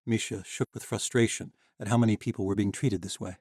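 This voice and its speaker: Male audiobook narrator, steady and even, warm and close-miked. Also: lowish voice, brisk, hardly any pauses, no echo. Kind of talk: scripted narration.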